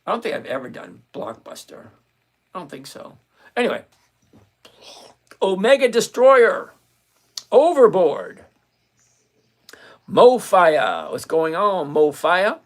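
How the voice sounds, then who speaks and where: A stock options streamer speaks slowly, leaving long pauses, in a mid-range voice with big pitch swings. The live chat about covered calls is casual and joking, and viewer names are read aloud in greeting.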